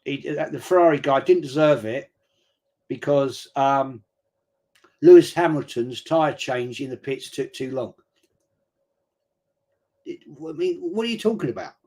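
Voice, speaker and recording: Brief: middle-aged man, mid-pitched, blokey slang, easygoing rambling storyteller hosting a match watch-along. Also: expressive, measured pace, pauses often, darkish tone. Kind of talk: casual live chat during a football match.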